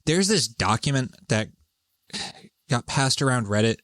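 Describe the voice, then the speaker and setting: A man's voice: medium pitch, animated, measured pace, a bit bright, dry recording. Rambling, foul-mouthed man on a dry mic. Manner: rambling, profane, exasperated; laughs often while talking. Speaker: podcast host. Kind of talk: casual solo monologue.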